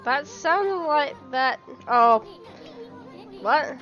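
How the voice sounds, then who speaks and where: A woman doing casual let's-play commentary, reading dialogue aloud and reacting with excitement and the odd swear. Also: high-pitched, normal speed, highs cut off, faint music behind. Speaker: gameplay commentator.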